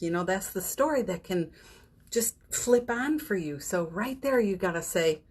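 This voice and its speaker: Husky woman giving a chatty spiritual talk. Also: medium pitch, lively intonation, normal speed. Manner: warm, encouraging, chatty with fillers and laughs. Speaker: host of a daily live session. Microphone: phone or webcam on a live stream.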